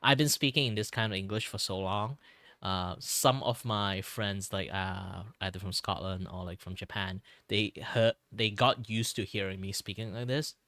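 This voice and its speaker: A man's voice: fairly low pitch, steady tone, normal speed, sharp tone, dry recording. A young man from Malaysia chatting casually on a stream, rambling with lots of "like" and repeated words. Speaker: streamer, artist.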